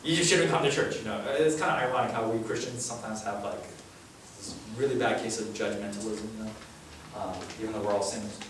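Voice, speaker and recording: A man preaching a chatty, animated sermon, telling the story with acted voices, recorded in a church hall. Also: lowish voice, quick pace, a little hiss or hum. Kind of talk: casual sermon. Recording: echoey hall from far off.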